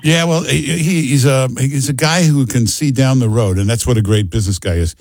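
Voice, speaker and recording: A man's voice: medium pitch, brisk, gravelly, a little mellow. A man hosting a call-in radio talk show, emphatic and joking, repeating himself for effect.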